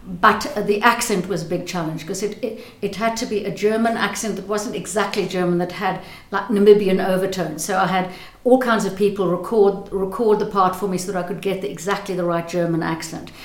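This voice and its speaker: An older South African actress with a South African accent talks through her answers at a middle pitch. She hesitates and restarts her phrases often. The room around her adds a noticeable echo. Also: steady tone, a little fast, hardly any pauses. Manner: thoughtful, hesitant with many restarts. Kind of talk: interview.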